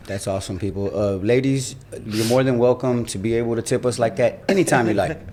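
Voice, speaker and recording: A man's voice: medium pitch, fairly quick, a little mellow, a little hiss or hum. A man hosting a comedy podcast, joking and laughing often while he pushes the guest to tell more. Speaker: podcast host. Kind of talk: casual interview chat.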